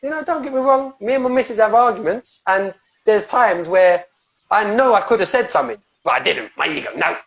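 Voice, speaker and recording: A man's voice: sits high, lively intonation, a little fast, vocal fry, fairly bright tone. A man working as a soul coach talks on a podcast with fiery, emphatic passion. He curses freely and rambles, tripping over restarts and repeated words as he pushes his point. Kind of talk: podcast conversation about breathwork.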